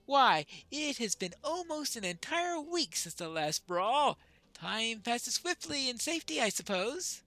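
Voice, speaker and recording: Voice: medium pitch, sing-song, measured pace, pushed and bright, no room sound, pitched above the performer's own voice, full character voice. A player voicing a jovial tavern regular.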